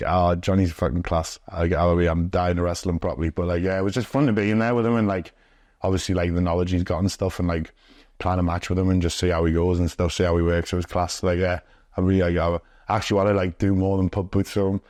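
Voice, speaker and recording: A young man, talking low and deep. He rambles through stories in a casual, sweary way, full of fillers. The sound is dry and close. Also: little pitch movement, quick pace, darkish tone, no room sound. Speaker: interviewee, pro wrestler. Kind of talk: casual storytelling. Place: indoors, sit-down interview.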